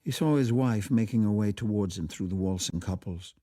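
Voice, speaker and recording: Brief: man, low, warm timbre, measured radio story reading.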